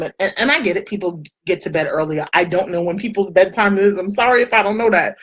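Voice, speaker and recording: A young adult woman from the United States chatting casually while doing her makeup, telling stories with lively quoted voices. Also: medium pitch, fast, few pauses, husky, dry recording, dull audio. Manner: chatty storytelling, animated quoted voices, frequent laughs. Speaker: makeup vlogger.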